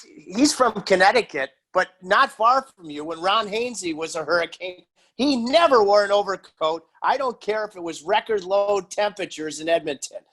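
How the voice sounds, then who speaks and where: A male podcast host with a notably high voice that leaps around lively. He talks chatty and animated, nudging his guest along in a relaxed conversation. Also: normal speed. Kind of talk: casual interview.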